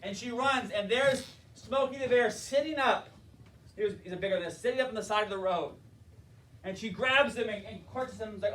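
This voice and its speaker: High-voiced man giving an impassioned talk. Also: fairly quick, fairly bright tone. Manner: impassioned storytelling, acts out characters. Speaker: motivational speaker, school board member. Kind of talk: motivational leadership talk. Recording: roomy, distant mic.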